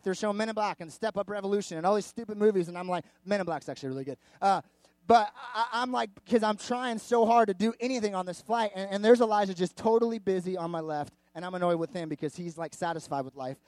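At a church service before a live audience, a high-voiced pastor preaches in a candid, chatty storytelling style. He is animated, packs his sermon with asides, and says "like" often. The recording is dry.

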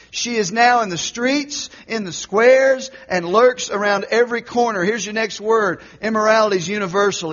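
A high-pitched male pastor preaching a sermon, swinging from shouted exhortation down to near-whispered intensity. The recording is dull and lo-fi.

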